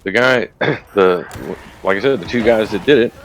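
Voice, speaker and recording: A man's voice: lowish voice, moderate pace, fairly bright tone, a little hiss or hum. A man casually retelling a story while gaming, rambling and profane. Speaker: gamer recounting a news video.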